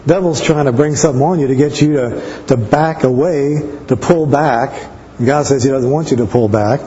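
A man's voice: medium pitch, moderate pace, mellow, slight background noise. A man preaching a sermon with personal testimony, talking conversationally and rambling with many restarts. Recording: dull sound with long hall reverb.

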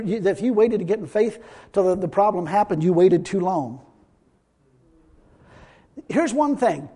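A preacher with a strikingly high voice that swings up and down as he drives his points home. He talks in a folksy, emphatic way and keeps repeating himself for weight. The sound carries a long reverb, as in a church hall. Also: dark tone, breathy edge. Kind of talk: sermon.

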